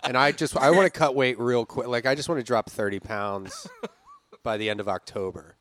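A man's voice: mid-range voice, fairly even intonation, moderate pace, a bit bright. A man from Philadelphia with a Philadelphia accent, hosting a podcast in a laid-back, joking casual chat. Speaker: podcast host.

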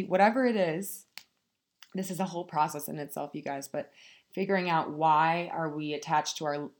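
A woman giving a casual motivational talk, speaking frankly and swearing freely as she addresses her listeners directly. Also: low-pitched. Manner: frank, profane, addresses listeners as "you guys".

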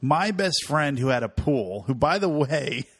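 A man's voice: mid-range voice, sing-song, a little slow, breathy edge. A man co-hosting a podcast in casual comedic chat, joking and laughing often. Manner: joking, laughs often, puts on voices in stories. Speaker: podcast co-host.

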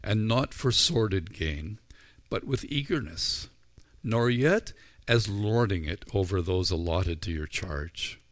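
Slow-paced low-voiced male preacher. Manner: storytelling, acts out the disciples' voices. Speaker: pastor. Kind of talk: sermon.

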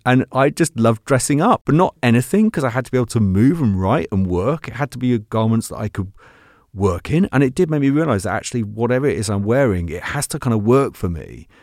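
Guy talking fast and breaking off, laughing a lot, mid voice, dead dry room. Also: mid-range voice, dry recording. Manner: quick, self-interrupting, laughs often. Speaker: guest writer. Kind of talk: animated interview chat. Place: podcast studio.

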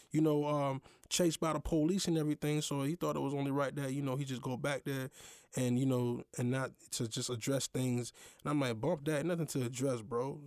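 A young man telling a personal story on his own podcast keeps it loose and slangy, animated, with lots of fillers. His voice is mid-range, and the clean studio sound carries no room sound.

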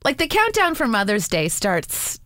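A woman co-hosting a podcast, telling stories in a casual, animated way and mocking people with quoted voices. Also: on the high side, moderate pace, no room sound, studio quality. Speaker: podcast co-host. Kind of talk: casual chat.

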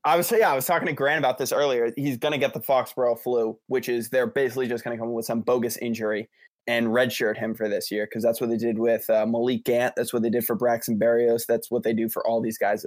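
A young man holds forth on a casual sports podcast, quick to cut in and push back. His mid-pitched voice is recorded close and dry, with no room sound. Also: fairly even intonation, no echo. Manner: argumentative, quick to interrupt. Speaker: podcast co-host.

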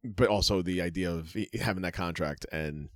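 A man's voice: sits low, fairly quick, no room sound. A man co-hosting a podcast in casual chat, rambling through his points with many "uh" fillers and some swearing. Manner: rambling, full of "uh" fillers, profane. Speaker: podcast co-host.

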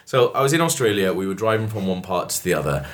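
A man's voice: low-pitched, expressive, quick pace. A young Welsh man with a Welsh accent, telling a rambling travel anecdote in casual podcast chat, acting out the people he quotes. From Wales. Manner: rambling anecdote with frequent laughs and put-on quotes.

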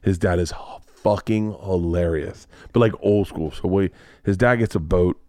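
Low-voiced man telling stories. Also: normal speed, warm tone, dry recording, clean studio sound. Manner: profane, rambling storytelling. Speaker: podcast host. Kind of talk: casual chat.

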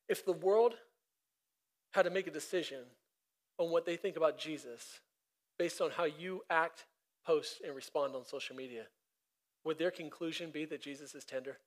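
A man preaching a sermon as pastor, emphatic and conversational, repeating himself and laughing at his own stories. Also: fairly high pitch.

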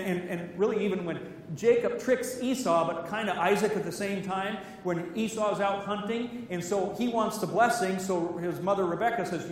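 A man preaches in a big hall, and his high voice rings with a long echo. He sounds a long way from the mic, with faint noise behind him. He tells the stories with energy and gives each character a voice of their own. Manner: animated storytelling, acting out characters' lines. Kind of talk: sermon. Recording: echoey hall, voice from far off.

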